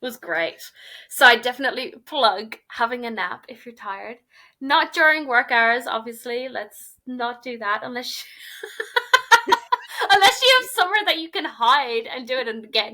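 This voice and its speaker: A woman's voice: on the high side, lively intonation, a little slow, sharp tone. A young woman co-hosting a podcast in casual chat, easygoing, telling stories and answering her co-host with short, friendly replies.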